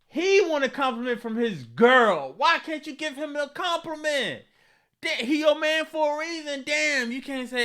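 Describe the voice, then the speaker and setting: A man hosting a comedy vlog, reading viewer comments aloud and reacting in slangy, animated commentary with bursts of mock outrage. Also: very high-pitched, moderate pace.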